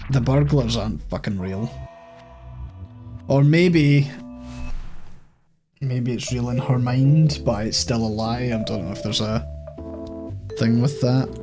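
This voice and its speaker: A Scottish man commentates on his game play in a sweary, animated way, reacting aloud to each moment. His voice sits at a middle pitch, with faint music underneath. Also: slow pace, long pauses. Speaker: gaming streamer.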